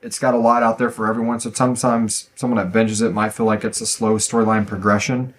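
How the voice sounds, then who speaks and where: A man's voice: on the low side, flat delivery, fast. Laid-back man hosting a podcast. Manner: laid-back, rambling, stumbles and laughs while reading. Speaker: podcast writer and host reading listener reviews. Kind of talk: casual podcast chat.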